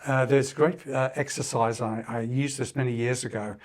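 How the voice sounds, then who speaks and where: A man's voice: medium pitch, steady tone, moderate pace. A man hosting a conversational podcast with an ordinary mid-range voice. He affirms his guest's points and follows with reflective questions about leadership. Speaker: podcast host.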